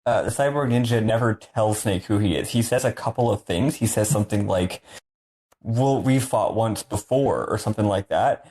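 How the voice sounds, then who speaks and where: Male podcast co-host, lowish voice, rambling and self-correcting. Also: a little fast, hardly any pauses, darkish tone. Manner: rambling, thinking aloud, correcting himself. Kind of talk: casual podcast chat.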